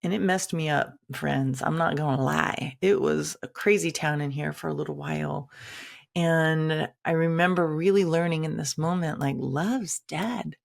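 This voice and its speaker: Woman, gravelly voice, low-pitched, candid personal storytelling, dramatic quoted asides. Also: measured pace. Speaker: shaman and teacher.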